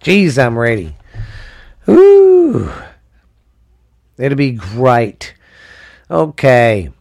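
A casual sports podcast host with a medium-pitched, darkish, clean voice talks slowly and with a drawl, sounding dry-mouthed. He rambles and swears while reading scores and rankings, padding the lists with fillers.

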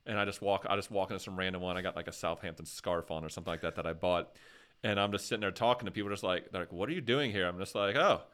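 A man's voice: deep voice, fairly even intonation, very fast, fairly bright tone, smooth. An American man hosting a casual podcast chat, telling rambling, jokey stories. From USA. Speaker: podcast host.

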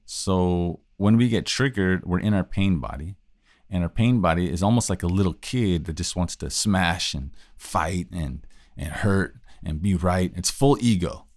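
A man's voice: low-pitched, animated, measured pace, a little mellow, no echo, studio quality. A man hosting a solo talk on communication, thinking aloud in a loose, casual way with frequent restarts. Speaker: podcast host teaching communication.

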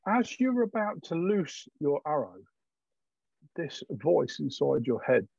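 Male game master, gravelly tone, halting narration, dry lo-fi recording. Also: fairly high pitch, big pitch swings, darkish tone, no echo. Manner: halting, filler-heavy descriptive narration. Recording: dull lo-fi dry sound.

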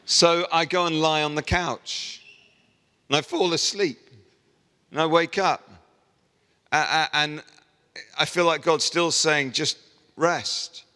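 A middle-aged man preaches, telling a story and acting out the voices of the people in it. His voice is bright and forward. It rings out with a long reverb, as if he stands in a large hall. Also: a little high, slow, long pauses, smooth. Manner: storytelling, animated voicing of quoted people. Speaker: pastor. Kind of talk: sermon.

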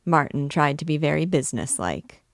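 A woman reading a novel aloud as a literature teacher, in a steady, expressive way. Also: low-pitched, a little fast, no echo, studio quality.

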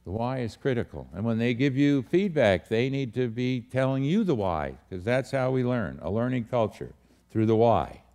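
A male pastor teaches a leadership group around a table. His voice sits at a middle pitch with a gravelly edge. He talks directly, fires questions at the group and hammers his key words. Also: animated, moderate pace, a little mellow. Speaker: pastor leading a leadership training. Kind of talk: teaching talk to a small group.

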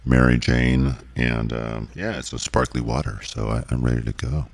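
A man's voice: a bass voice, fairly even intonation, moderate pace, slight background noise. A man hosting a casual live stream, laid-back and easygoing. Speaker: host. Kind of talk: casual chat.

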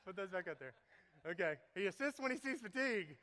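A man's voice: sits high, animated, fairly quick, bright, forceful tone. A man preaching to his congregation, playful and laughing as he works a live demonstration into the sermon. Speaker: pastor. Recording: echoey hall reverb.

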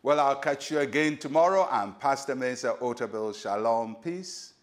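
A man with a Ghanaian English accent preaching a short devotional sermon as a pastor, earnest and measured, asking rhetorical questions. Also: medium pitch, expressive.

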